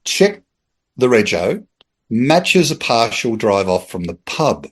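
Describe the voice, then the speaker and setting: A man's voice: medium pitch, slow, husky. A middle-aged Australian man, a former police officer, telling a casual anecdote as a podcast guest, acting out the voices in his story and laughing as he goes. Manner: lively storyteller who acts out voices and laughs mid-sentence.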